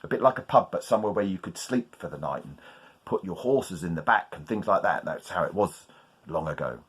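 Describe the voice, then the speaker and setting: A male storyteller telling a folk tale live, his voice swinging up and down as he invites listeners to call out. His pitch sits on the low side, and his tone is husky. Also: brisk. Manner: lively, asks the audience to call out. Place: festival tent.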